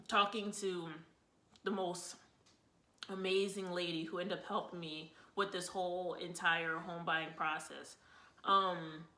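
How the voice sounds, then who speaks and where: A woman's voice: fairly low pitch, bright, forceful tone. A young woman vlogger telling a personal story in a rambling, casual way, with lots of fillers and repeats. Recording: echoey room.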